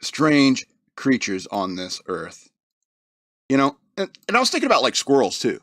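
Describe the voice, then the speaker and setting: A man's voice: mid-range voice, huge pitch swings, moderate pace, dry recording, studio quality. A man hosting a podcast, rambling through a casual comedic monologue, laughing often and slipping into mocking voices. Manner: puts on mocking voices for quotes. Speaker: podcast host.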